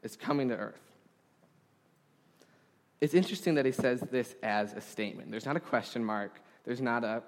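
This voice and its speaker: Guy preaching a sermon, slow and earnest, long echo off the hall. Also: mid-range voice. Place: congregation hall.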